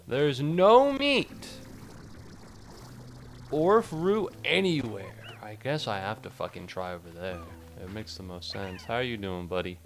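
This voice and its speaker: A man's voice: deep voice, a bit bright. A man giving casual, foul-mouthed commentary as he plays a game, talking to the creatures on screen and to his chat. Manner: chatty, swears freely, talks to game creatures; talks to chat between bouts of play. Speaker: gaming streamer.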